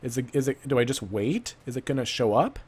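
An excitable man narrates a creepy game as he plays it, drifting into playful asides about a made-up camping trip. Whenever danger shows up he panics, firing off rapid repeated commands at the screen. His voice sits at an ordinary middle pitch for a man. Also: breathy edge. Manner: playful self-talk, rambling asides. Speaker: let's play gamer. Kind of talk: gameplay commentary with improvised backstory.

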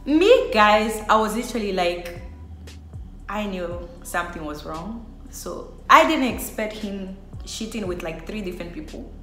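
A woman's voice: medium pitch, animated, a little slow, fairly bright tone, soft background music. A young woman telling a personal story on her vlog, chatty and full of filler words. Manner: chatty, heavy use of filler "like". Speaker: vlogger. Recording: echoey room.

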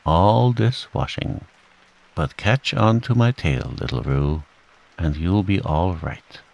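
Guy doing a grumpy old donkey, low gravelly grumble, storybook. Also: big pitch swings, slow pace, warm tone, exaggerated voice. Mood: grumbling. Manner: grumbling, disapproving.

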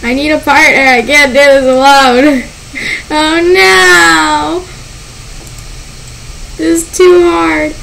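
Woman, very high voice, unhurried delivery, panicky gameplay commentary, squeals and laughs. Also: level tone, vocal fry, a bit bright, a little hiss or hum, rough recording. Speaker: gaming channel host.

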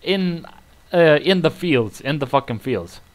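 Slow, cursing gamer man muttering commentary. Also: fairly high pitch. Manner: profane, muttering, excitable outbursts. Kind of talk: live gameplay commentary.

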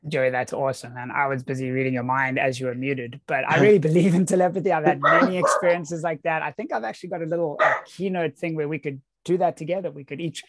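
A man's voice: fairly high pitch, fairly even intonation, quick pace, hardly any pauses. A man from South Africa hosting an online group gathering, enthusiastic and welcoming as he greets each person on the call. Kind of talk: casual group video call. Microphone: video call.

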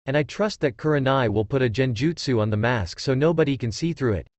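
A man's voice: mid-range voice, a little fast, no room sound, lightly acted. A man doing a fatherly old village leader. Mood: firm. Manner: pleading, firm.

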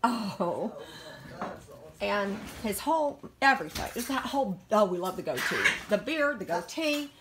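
Middle-aged breeder lady, gushing baby talk, pitch swinging all over, faint hiss behind. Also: lively intonation, measured pace. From Virginia, USA. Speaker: dog breeder. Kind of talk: casual home video chat.

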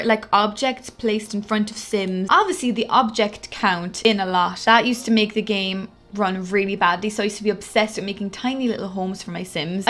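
A woman's voice: mid-range voice, fairly bright tone. A young woman chatting through casual gameplay commentary as a gaming YouTuber, gushing and chatty. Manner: gushing, chatty, with many "like" fillers.

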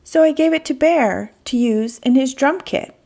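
Woman doing a sheepish breathy little bird. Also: high voice, normal speed, dark tone, voice pushed up.

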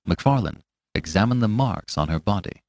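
A man narrating a classic story as an audiobook host, in a measured, dramatic manner. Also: on the low side, animated, a little mellow, no echo. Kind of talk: scripted narration of a classic tale.

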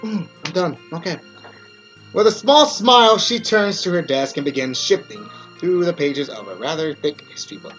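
Gamer reading a story game aloud, lively pitch, cussing asides, lo-fi with music. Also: normal speed. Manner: swears a lot, laughs, animated asides. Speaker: game player.

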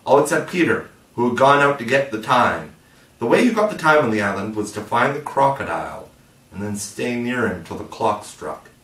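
A man's voice: mid-range voice, animated, normal speed, fairly bright tone. Man narrating a storybook, roomy sound. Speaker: audiobook narrator. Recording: roomy, distant mic.

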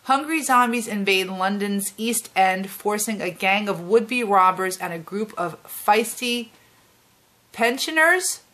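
A woman in her thirties, a vlogger chatting casually and reacting out loud as she watches a movie at home. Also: mid-range voice, expressive, takes it slowly. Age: 30s. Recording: movie soundtrack playing behind.

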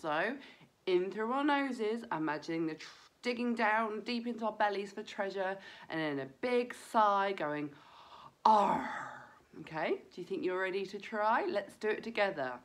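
A woman leading a children's breathing lesson, talking gently and encouragingly straight to the kids. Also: mid-range voice, lively intonation, moderate pace.

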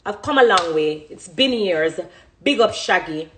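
A woman's voice: on the low side, expressive, a little slow, fairly bright tone, slight background noise. A woman in her thirties with a Jamaican accent, a dancehall artist giving an impassioned, emphatic monologue and repeating phrases for emphasis.

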